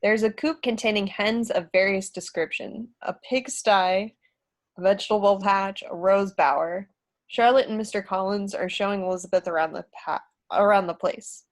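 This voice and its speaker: A woman's voice: mid-range voice, normal speed. Woman reading stage directions. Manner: hesitant, with fillers. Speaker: narrator.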